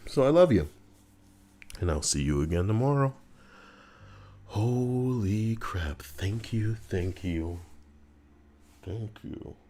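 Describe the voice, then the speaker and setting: A man live-streaming, reacting and chatting casually, swinging between loud outbursts and low mutters. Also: animated, slow pace, pauses often, slight background noise.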